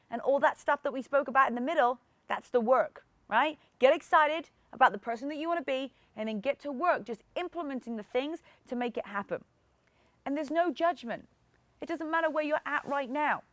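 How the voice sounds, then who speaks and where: A high-voiced woman in her thirties talks straight to her listener with upbeat, coaching energy, like a fitness podcast host. The sound is dry and close, with no room around it. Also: no room sound. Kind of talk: motivational solo podcast talk.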